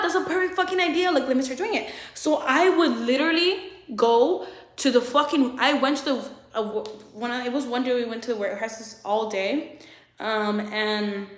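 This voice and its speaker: Young woman vlogger, storytime rant, lots of swearing, kinda high voice. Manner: candid, profane, fast and emotional storytelling. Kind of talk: storytime vlog. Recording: echoey room.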